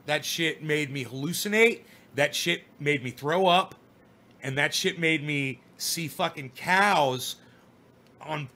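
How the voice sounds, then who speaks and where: A man's voice: on the high side, bright, forceful tone. A man rambling through a personal story in casual, profane talk, often repeating and restarting as he remembers. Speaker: vlogger telling a personal story.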